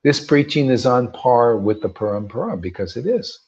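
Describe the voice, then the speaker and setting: A man's voice: mid-range voice, lively intonation, normal speed, a little mellow, breathy edge. A man giving an informal devotional talk to a group, emphatic and preachy, often restarting and rising into bursts. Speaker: spiritual teacher. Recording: dull lo-fi sound.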